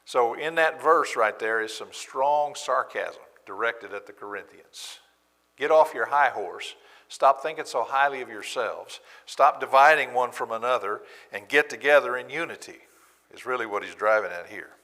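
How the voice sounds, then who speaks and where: A man teaching a sermon with a bright, forceful voice. He talks in an animated way and acts out sarcastic quotes with relish. The sound carries a long reverb from the church room. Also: mid-range voice, normal speed. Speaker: preacher. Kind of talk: bible class sermon.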